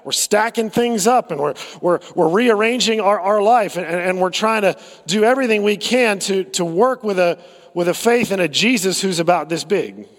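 Aussie pastor guy preaching, chatty and storytelling, slightly high voice, big echoey hall. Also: lively intonation, moderate pace. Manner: storytelling, conversational, with fillers and repeats. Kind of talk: sermon. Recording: long hall reverb.

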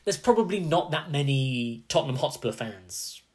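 A man in animated, casual podcast chat. His pitch sits in the middle range. He talks in long runs with lots of asides. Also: moderate pace. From England. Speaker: podcast co-host.

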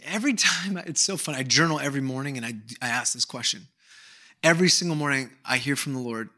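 At a quick pace and medium pitch, a middle-aged male pastor gives an animated, candid sermon. He mimics voices and erupts into shouted outbursts along the way.

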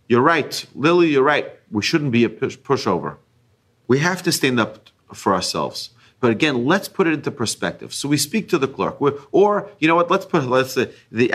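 A man giving an ethics class to a group, earnest and repetitive, his voice rising higher and louder whenever he stresses a point. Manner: earnest, repeats key phrases, rises in pitch and volume when stressing a point. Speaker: religious teacher.

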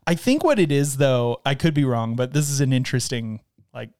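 A man's voice: mid-range voice, expressive, brisk, a little mellow, no room sound. Chatty man, dry close sound. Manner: chatty, laughs often. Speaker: podcast co-host. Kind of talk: casual movie-discussion chat.

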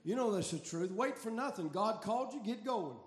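A man preaching a fiery revival sermon, shouting in a chanting cadence. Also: high-pitched, expressive, a little fast.

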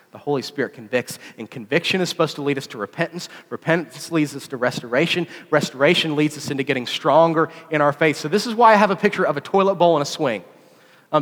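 A fairly high-voiced man preaches in a lively, chatty way and drives his points home by repeating phrases. His voice rings out through a hall with a long echo. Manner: animated, conversational preaching with repetitions. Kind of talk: sermon.

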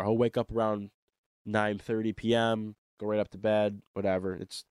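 A man's voice: fairly low pitch, flat delivery, brisk, darkish tone, smooth, dry recording, clean studio sound. A man co-hosting a casual chat show, telling rambling, joking stories. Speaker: podcast co-host.

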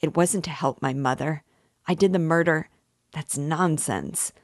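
A woman's voice: deep voice, a little slow, no echo, clean studio sound. Raskolnikov, a woman reading a tormented young man. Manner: intense confessional monologue. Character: young man, feverish, tormented, self-justifying. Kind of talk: audiobook reading.

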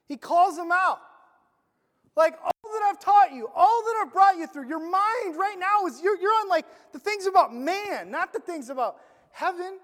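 A high-pitched preacher gives a sermon in a loose, conversational manner, tossing questions to the crowd and slipping into slang. The delivery swings from loud emphasis down to near-murmured lines. The voice rings with the long echo of a large hall. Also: lively intonation, moderate pace. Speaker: pastor.

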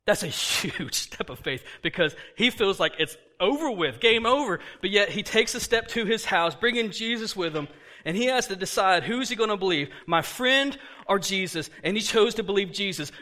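Male pastor preaching to his church, lively, acts out scenes, high and bright voice. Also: normal speed. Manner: animated, acts out dialogue, laughs often. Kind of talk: sermon.

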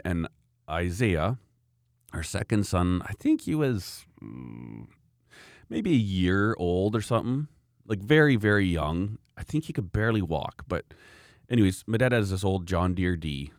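A man's voice: deep voice, sing-song, moderate pace, no room sound, studio quality. A man, a podcast co-host telling long rambling family stories in casual chat, chuckling often.

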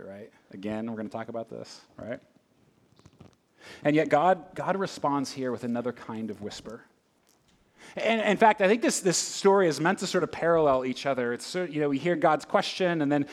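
A middle-aged pastor delivering a sermon in a relaxed, conversational manner. His voice sits a little high for a man. He often stops mid-thought to check in with the listeners. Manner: conversational, with frequent asides and rhetorical questions.

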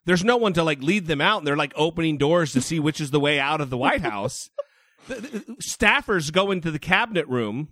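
Podcast guest, male, fired-up and foul-mouthed, lively slightly high voice, dry sound. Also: a little fast, no echo. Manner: profane and emphatic, heated. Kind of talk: casual chat.

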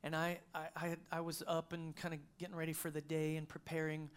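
A man's voice: a little high, monotone, brisk, clear, resonant tone. A middle-aged male pastor preaching a sermon, telling a personal story in a conversational way with frequent restarts.

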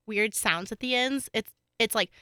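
A young woman with a bright, clear voice chats casually about a crime case. She talks in a loose, filler-heavy way and laughs often. She sits close to the mic in a dry, dead room. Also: on the high side, moderate pace, no echo. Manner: chatty, lots of fillers and laughter. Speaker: true crime podcast co-host. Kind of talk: casual chat.

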